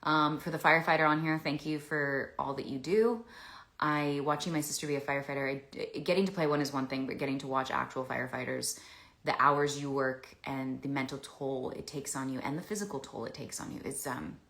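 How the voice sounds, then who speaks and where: A woman's voice: rumbling low, steady tone, brisk, fairly bright tone. A woman answering fan questions in a casual livestream chat, rambling with many restarts. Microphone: phone. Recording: echoey room.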